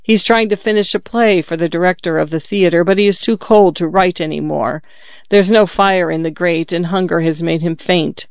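A man voicing a gentle, sorrowful statue prince who pleads tenderly in a storybook reading. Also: high-pitched, fairly even intonation, moderate pace, creaky, no room sound. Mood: pleading. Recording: dull lo-fi, dry.

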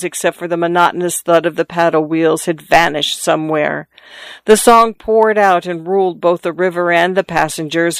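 A narrator reading a classic story in a measured, descriptive way. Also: mid-range voice, clear, resonant tone, dry recording.

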